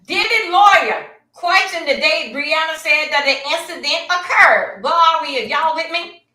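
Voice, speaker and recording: Chatty woman with a bright voice. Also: very high voice, expressive, moderate pace, echoey room, poor audio. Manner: chatty, rambling, addresses viewers directly. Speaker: livestream host. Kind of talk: casual livestream commentary. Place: at home at a computer.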